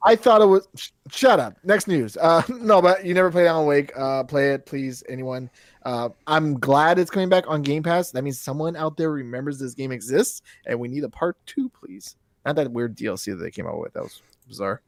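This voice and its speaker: Male podcast co-host, lively jokey rambler, dry close sound. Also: mid-range voice, brisk, no echo. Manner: rambling, jokey, swears, does silly voices. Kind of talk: casual chat about video games.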